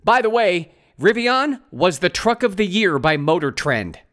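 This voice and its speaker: A man's voice: high-pitched, big pitch swings, a little slow, a bit bright. A man giving casual, enthusiastic commentary in an informal way. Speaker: political commentator.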